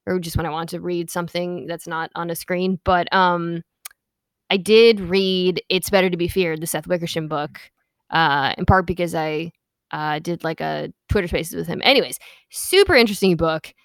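A woman hosting a sports podcast, talking casually in quick asides with a playful, defensive streak. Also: fairly low pitch, clear, resonant tone, dry recording. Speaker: podcast host.

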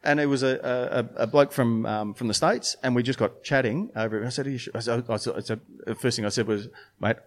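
A man's voice: mid-range voice, quick pace, few pauses. A man, a brewer and beer judge, chatting casually on a podcast with many restarts and fillers.

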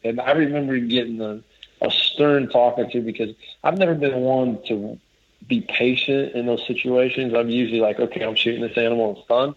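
A man's voice: mid-range voice, fairly even intonation, brisk. A man casually telling a long story as a guest, rambling and restarting as he quotes others. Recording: dull lo-fi audio.

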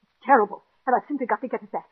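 An actress playing a neurotic, jealous middle-aged wife who pleads in an overwrought, breathless way, acted in 1940s radio-drama style. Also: female voice, a little high, racing, slightly rough. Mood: anxious. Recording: tinny old radio broadcast.

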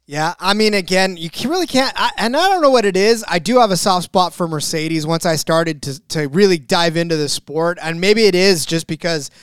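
A man's voice: sits high, expressive, normal speed, few pauses, a bit bright, clean tone, no echo, studio quality. A man co-hosting a sports betting podcast in casual chat, rambling and joking, often restarting his sentences. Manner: rambling, self-correcting, jokey. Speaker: podcast co-host.

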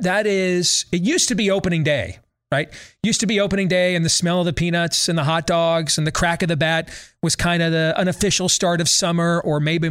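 A man's voice: on the high side, fairly bright tone, smooth. An American man hosting a talk show, delivering a sarcastic monologue full of rhetorical questions and leading questions to his co-hosts. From United States.

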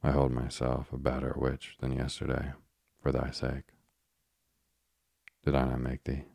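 Fond old witch lady read by a man, super deep and flat, husky. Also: unhurried, dry recording, clean studio sound, heavily acted. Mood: proud. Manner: archaic fond speech. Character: doting old female witch.

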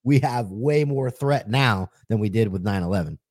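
A man's voice: lowish voice, animated, normal speed, a little mellow, no room sound, studio quality. A man co-hosting a podcast, a police officer, speaking bluntly and emphatically. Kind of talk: casual podcast chat.

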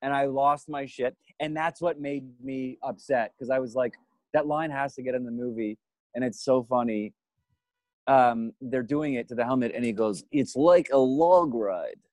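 A man's voice: medium pitch, normal speed, no room sound, low-quality recording. Man telling a rambling story, dry close sound. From Canada. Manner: animated storyteller, self-deprecating, swears freely. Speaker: guest actor. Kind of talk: casual podcast storytelling.

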